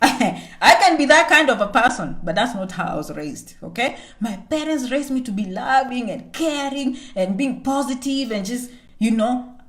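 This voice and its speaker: This vlogger from Kenya has a high-sitting, fairly bright voice and gives a motivational live-stream talk with emphasis and repetition. She frequently speaks of herself in the third person and checks in with "okay?"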